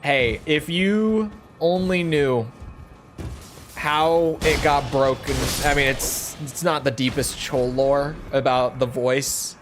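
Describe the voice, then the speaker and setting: Young man, twenties, rambling gaming streamer, speaks from his throat; a touch high-pitched. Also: slow pace, soft background music. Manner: talks from the throat to project, chatty and rambling. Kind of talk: casual gaming stream chat.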